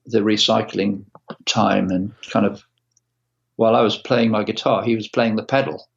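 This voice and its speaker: A man in his sixties, a guitarist as an interview guest, telling stories in a halting way with many restarts. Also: fairly low pitch, little pitch movement, vocal fry, muffled recording. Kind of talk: casual interview storytelling.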